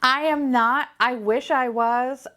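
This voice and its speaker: A woman vlogger chatting excitedly as she unboxes toys, gushing and swearing with bursts of squealing laughter. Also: high-pitched, slow pace. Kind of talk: excited casual unboxing chat.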